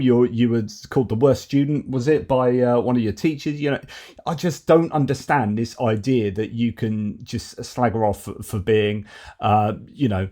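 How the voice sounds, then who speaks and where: A man's voice: mid-range voice, normal speed, mellow. A man giving casual political commentary, chatty, with many fillers and restarts.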